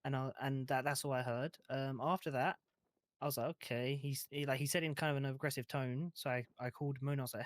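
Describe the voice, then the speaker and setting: A man's voice: mid-range voice, steady tone, fast talker, no echo. A man playing a police officer in a role-play, telling his account hesitantly with many fillers. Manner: hesitant, lots of ums. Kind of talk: casual role-play chat.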